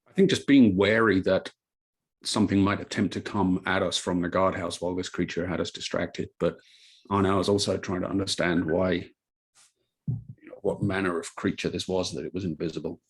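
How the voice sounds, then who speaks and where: A man's voice: low-pitched, fairly even intonation, normal speed, husky. A man playing a tabletop game, thinking aloud about his character's moves. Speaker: player.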